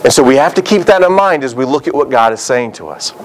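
A male pastor delivering a sermon with a lively, rising and falling voice. He drives his points home with rhetorical questions. A faint hiss sits under the recording. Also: mid-range voice, fast talker, rough recording. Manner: animated preaching with rhetorical questions.

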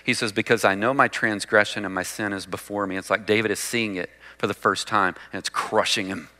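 A man preaches a sermon in a bright, forceful voice. He acts out the lines he quotes and drops into a near hush to drive a point home. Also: on the low side, fairly even intonation, fairly quick, big-room sound. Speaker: pastor.

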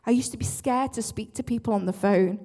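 Woman, worship leader, church testimony, earnest, restarts often, slightly high voice. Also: fairly quick, mellow. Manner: earnest, self-interrupting, apologetic asides.

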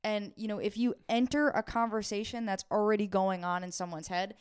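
A woman's voice: medium pitch, level tone, a little fast, clear, resonant tone. A young woman co-hosting a podcast, speaking in an encouraging, affirming way in casual chat. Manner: warm-hearted, encouraging, affirming. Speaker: podcast co-host.

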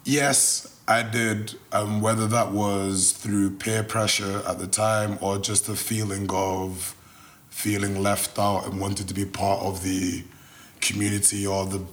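A man in his twenties from Nigeria, a podcast guest speaking in a measured, thoughtful way. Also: on the low side, flat delivery. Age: 20s. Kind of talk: podcast interview.

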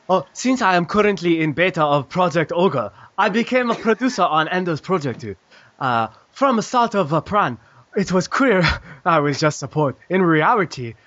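A man doing a mock impression of a Japanese game designer, with an exaggerated put-on accent and halting, stiff phrasing. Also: high voice, a bit bright, dry recording, dull audio. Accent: exaggerated mock Japanese accent in English.

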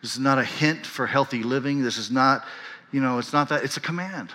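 A man's voice: medium pitch, fairly even intonation, fairly quick, bright, forceful tone, in a large hall. A pastor in his fifties preaching a sermon, telling a story earnestly and building to impassioned emphasis. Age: 50s.

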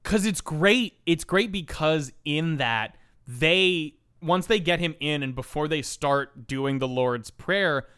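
A man's voice: on the high side, expressive, slow pace, fairly bright tone, clean tone. A man co-hosting a podcast, chatting animatedly about a film and throwing in jokey asides. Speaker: podcast co-host. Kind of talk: casual movie discussion.

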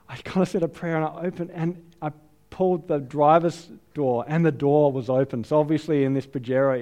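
Chatty Australian preacher, fairly high voice. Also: male voice. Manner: lively, chatty storytelling, self-deprecating. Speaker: pastor. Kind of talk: sermon with personal anecdote.

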